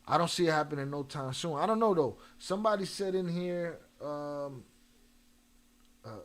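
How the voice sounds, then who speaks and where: Male streamer with a Chicago accent, slangy, laid-back chat, a bit high-pitched. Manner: loose, slangy, reads chat aloud. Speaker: livestream host reacting to videos. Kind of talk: casual live stream chat.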